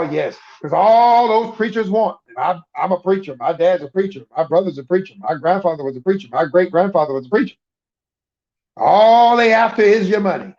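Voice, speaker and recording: Emphatic middle-aged preacher with a high voice; repeats and restarts in sermon chat, dull lo-fi sound. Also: male voice, vocal fry, a little mellow. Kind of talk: conversational sermon.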